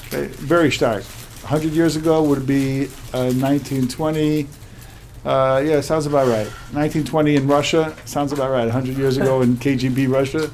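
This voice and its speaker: A man's voice: medium pitch, fairly even intonation, normal speed, darkish tone, a little hiss or hum. A middle-aged man from the United States, a religious teacher telling a story to his class in a repetitive, emphatic way.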